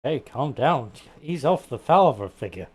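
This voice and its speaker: A man's voice: medium pitch, lively intonation, moderate pace, husky. Man reading game text aloud on stream. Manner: reads on-screen text aloud with stumbles and restarts.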